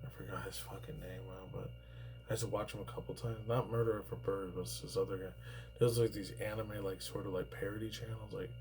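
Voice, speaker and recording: Man in his 30s from New York, low and mellow voice, rambling and profane casual commentary. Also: little pitch movement, fast, slight background noise, low-quality recording. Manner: rambling, profane, heavy on fillers. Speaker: YouTuber reacting to news.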